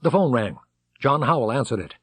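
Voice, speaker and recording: A man reading an audiobook aloud, dramatic, voicing characters and shouting their excited lines. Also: mid-range voice, a little fast, husky, no echo. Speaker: audiobook narrator.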